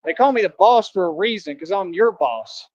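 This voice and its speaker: High-voiced man in a boastful street rant. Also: animated, normal speed, no room sound, muffled recording. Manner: boastful, taunting, slangy street talk. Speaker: livestreamer. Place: outdoors on a street.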